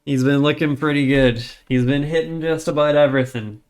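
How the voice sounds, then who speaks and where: A man with a slightly high, fairly even, brisk voice casts a rhythm game tournament live over game music. His casual commentary is chatty and frank, and he gets flustered by stream trouble.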